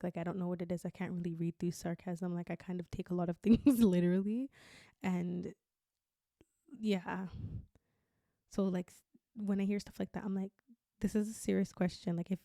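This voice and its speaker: Chatty young woman podcaster, mellow tone. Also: lowish voice, no echo, studio quality. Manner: candid, chatty, heavy use of "like". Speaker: podcast host. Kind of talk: casual podcast monologue.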